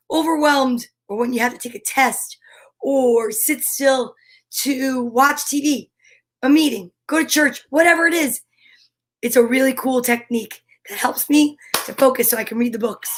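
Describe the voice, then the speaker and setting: Woman, high voice, unhurried, playful storytime reader, animal noises. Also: a bit bright. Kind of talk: reading picture books aloud to kids. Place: home studio.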